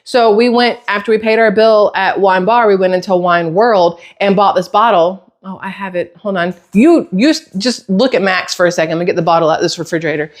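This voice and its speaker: A woman's voice: medium pitch, fairly quick, hardly any pauses. A middle-aged woman vlogging casually from her home kitchen, rambling off on tangents and swearing lightly. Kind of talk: casual chatty vlog.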